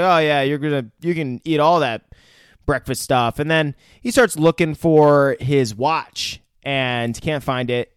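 A man co-hosting a podcast in casual chat, retelling a film with lots of swearing and acting out scenes with sudden loud bursts. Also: medium pitch, clean tone, no echo, clean studio sound. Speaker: podcast co-host.

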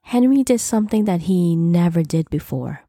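A woman narrating her own story for a podcast in an even, measured first-person reading. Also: lowish voice, no echo, studio quality.

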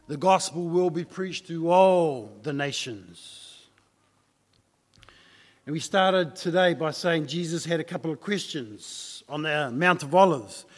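Slow, high-voiced preacher in a reverberant hall. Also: male voice. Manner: repeats rhetorical questions to the congregation; tells a joke story in a loose, conversational way. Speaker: pastor. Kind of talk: sermon.

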